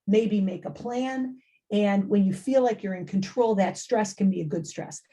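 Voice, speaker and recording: A middle-aged woman giving an informal talk to parents, lively and conversational, often acting out quoted lines and repeating phrases for emphasis. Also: mid-range voice. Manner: animated, acts out quoted voices, repeats phrases. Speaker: family engagement speaker.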